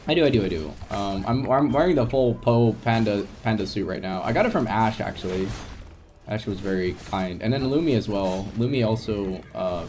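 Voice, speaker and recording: A young man chatting casually on a live gaming stream, soft-spoken and rambling, with frequent restarts and light laughs. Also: fairly low pitch, moderate pace, soft background music.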